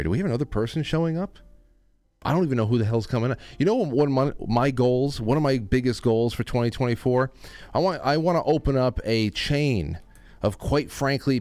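Smooth-voiced rambling male talk host. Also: mid-range voice, a little mellow, dry recording. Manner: rambling, restarts often, jokey. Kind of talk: casual chat.

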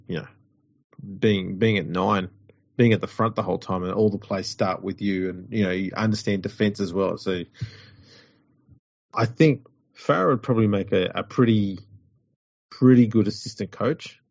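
A man's voice: deep voice, normal speed, creaky, no echo. A man, co-hosting a sports chat show, rambling and wry. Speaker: podcast co-host. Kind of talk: casual chat. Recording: dull lo-fi audio.

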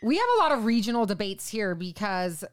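A woman's voice: mid-range voice, lively intonation, a little fast, crowd noise. A woman from the United States chatting on a podcast, joking bluntly and playfully. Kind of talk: casual chat.

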